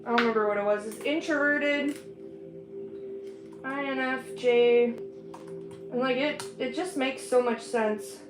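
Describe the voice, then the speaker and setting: Woman, streamer, casual chatty delivery with a high voice, in a roomy space with faint music underneath. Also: fairly even intonation, unhurried, pauses often. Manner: chatty, rambling, laughs often. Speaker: livestreaming artist. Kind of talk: casual chat while painting. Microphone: streaming setup.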